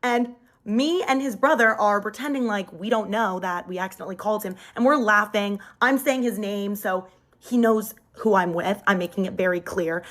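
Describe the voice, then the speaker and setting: A woman's voice: mid-range voice, a little fast, a bit bright. Chatty young woman telling a dramatic story. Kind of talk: casual storytime monologue.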